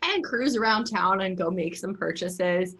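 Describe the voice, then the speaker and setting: A woman's voice: lowish voice, animated, measured pace, fairly bright tone. A woman co-hosting a podcast, talking in a thoughtful, earnest way with many fillers. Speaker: podcast co-host. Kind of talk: casual reflective podcast chat.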